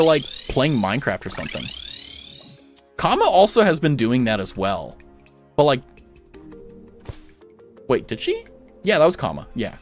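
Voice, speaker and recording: A young man streaming a game, chatting casually with viewers and rambling through self-mocking jokes. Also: mid-range voice. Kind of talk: casual chat while gaming.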